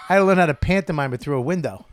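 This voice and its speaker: A man's voice: on the high side, rapid-fire, heavy background noise. A man, a comedian telling a profane story in casual chat. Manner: profane, animated, loud storyteller. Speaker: guest comedian.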